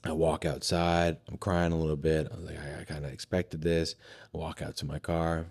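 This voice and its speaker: A man's voice: very deep voice, level tone, moderate pace, creaky, a little mellow. A man talking as a podcast guest, candidly telling a personal story in a casual conversation, swearing freely and with many fillers and restarts.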